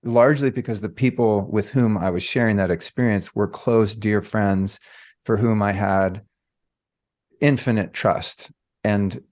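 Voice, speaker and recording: A man hosting a podcast, telling a personal story in a casual, reflective way with drawn-out phrases. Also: lowish voice, a little mellow. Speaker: podcast host.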